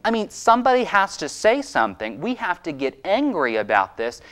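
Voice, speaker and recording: A man's voice: high voice, huge pitch swings, a little fast, a bit bright. Young guy from maine all riled up, hammering his points home on his show. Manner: fired-up, insistent, repetitive emphasis. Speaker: host and state legislator. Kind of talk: impassioned political commentary.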